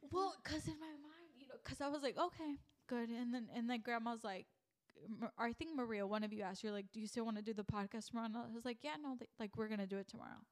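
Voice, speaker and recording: A young woman hosting a faith podcast, telling a personal story in animated fashion and acting out her own thoughts. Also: fairly high pitch, fast. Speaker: podcast host.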